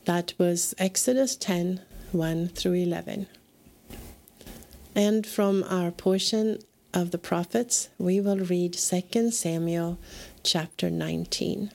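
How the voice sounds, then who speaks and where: A woman reads scripture aloud at a very unhurried pace, every phrase given its own space. Her voice sits a little low with plenty of gravelly fry at the ends of lines. The delivery is measured and deliberate, like a daily podcast reading. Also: steady tone, a little mellow. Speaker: scripture reader.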